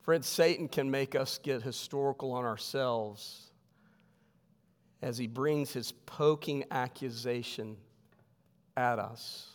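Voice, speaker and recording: A male pastor preaching a sermon in a church, swinging from loud emphatic lines to hushed ones. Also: mid-range voice, takes it slowly, long reverb tail. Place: church sanctuary.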